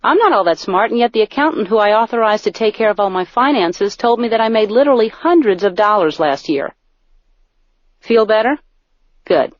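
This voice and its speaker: Woman, middle-aged, comic audiobook narration, deadpan, self-mocking, close mic, dull dry sound. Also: medium pitch, brisk, no echo. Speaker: author reading her own audiobook. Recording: dull, dry studio recording.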